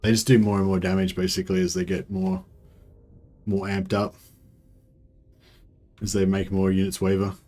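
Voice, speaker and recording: A man's voice: low voice, little pitch movement, normal speed, pauses often, mellow. Casual rambling male gamer. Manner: casual, rambling, thinking aloud. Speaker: gaming channel host. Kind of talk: let's play commentary.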